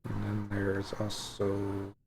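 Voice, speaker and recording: A man streaming a video game, thinking out loud in a casual, musing way as he weighs his choices. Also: fairly low pitch, completely flat delivery, slow pace, background noise. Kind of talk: casual live-stream commentary. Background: faint game music.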